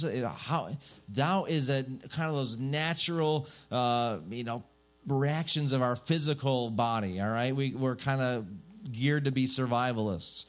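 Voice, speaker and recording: Lively joking male pastor preaching. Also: mid-range voice, unhurried. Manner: lively, joking, rhetorical questions. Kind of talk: sermon.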